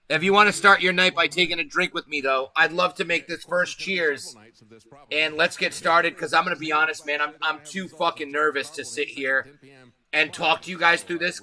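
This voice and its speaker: Nervous male livestream host, bright higher voice, rambling and swearing at chat. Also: rough recording. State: anxious.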